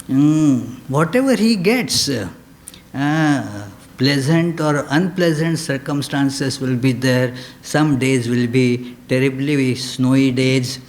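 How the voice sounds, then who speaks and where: Male swami lecturer, slightly higher-pitched voice, slow hesitant delivery with frequent fillers. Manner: lapses into chanted Sanskrit verse. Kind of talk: spiritual lecture.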